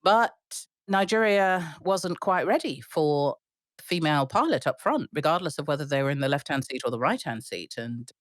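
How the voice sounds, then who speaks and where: A middle-aged woman airline pilot telling stories in an interview, animated, with frequent restarts and laughs. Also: sits low, moderate pace, no room sound, clean studio sound. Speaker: airline pilot, podcast guest. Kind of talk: storytelling interview.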